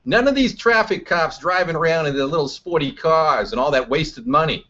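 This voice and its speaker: A man's voice: a little high, animated, normal speed, bright, forceful tone, pitched above the performer's own voice. A man playing a pushy male mayoral candidate with a New Jersey accent, giving a hectoring campaign speech. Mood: blustering. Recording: dull lo-fi stream audio.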